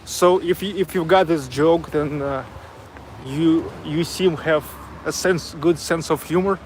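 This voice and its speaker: A man with a heavy Russian accent, native Russian speaker, hosting a vlog in blunt, halting English outdoors in a city. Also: a little high, slight background noise. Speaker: vlogger host. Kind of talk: casual chat.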